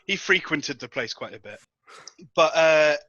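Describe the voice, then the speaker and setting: Bright-voiced man telling a story. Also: on the high side, animated, measured pace, no room sound. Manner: rambling storyteller, many ums and restarts. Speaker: podcast regular telling a story. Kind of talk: casual anecdote-telling. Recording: dull lo-fi dry sound.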